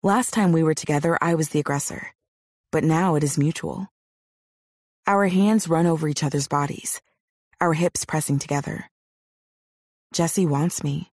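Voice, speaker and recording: A woman narrating a novel in the first person, with a measured, intimate reading on a close studio mic. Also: low voice, darkish tone, no echo. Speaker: audiobook narrator.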